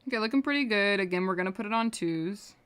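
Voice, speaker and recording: With a mid-range, fairly bright, smooth voice, a young woman talks quickly and with lively intonation while livestreaming her animation. She chats casually, rambling and muttering to herself as she draws.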